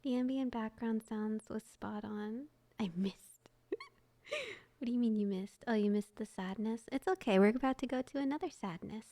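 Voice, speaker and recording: A young woman streamer who reads short stories aloud in a soft, often whispered voice and chats between them with frequent giggles. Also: fairly high pitch, vocal fry. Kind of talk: soft whispered story reading and chat.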